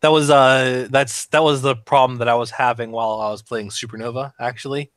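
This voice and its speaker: An animated man in casual podcast chat about voicing characters, his tone bright and forward. He swears freely and talks with plenty of energy. The sound is close and dry, with no room around it. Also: mid-range voice, fairly quick, dry recording. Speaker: voice actor discussing his roles.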